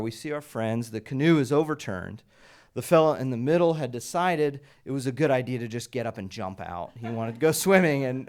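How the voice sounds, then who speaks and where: A man telling a personal story at a live storytelling night, conversational and wry, with a humorous edge. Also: mid-range voice. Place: small live event stage.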